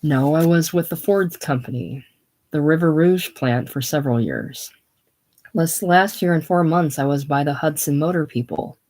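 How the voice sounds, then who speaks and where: A reader with a natural, mid-range, darkish voice speaks at a moderate pace as Gus, an earnest and apologetic Austrian mechanic. The character has a slight German accent and comes across as polite, self-effacing, and keen to be made welcome.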